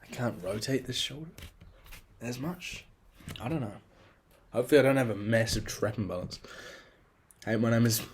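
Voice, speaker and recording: A young man, rambling through a casual, profane and self-critical solo podcast monologue. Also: fairly low pitch. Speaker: podcast host.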